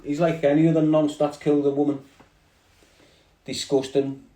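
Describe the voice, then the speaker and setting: On a relaxed livestream, a man from Liverpool addresses viewers through his phone, wandering along in street slang. His voice sits on the high side with a dark tone, a moderate pace, and little pitch variation, in an echoey room.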